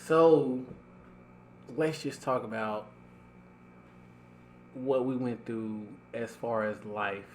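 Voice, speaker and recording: A man hosting a casual podcast, talking in a slow, deliberate, reflective way. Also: mid-range voice, fairly even intonation, a little mellow, slight background noise. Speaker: podcast host.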